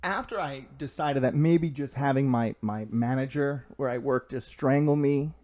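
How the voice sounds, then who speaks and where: A man's voice: mid-range voice, moderate pace. A man, a podcast guest, telling stories in casual chat, acting out the voices of the people in them and laughing along. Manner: animated, acts out quoted voices with laughs.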